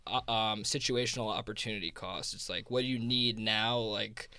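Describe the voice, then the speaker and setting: A man's voice: lowish voice, steady tone, normal speed, bright, forceful tone, smooth, no echo. Man, south jersey accent, rambling casual talk, many fillers, dry close sound. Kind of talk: casual conversation.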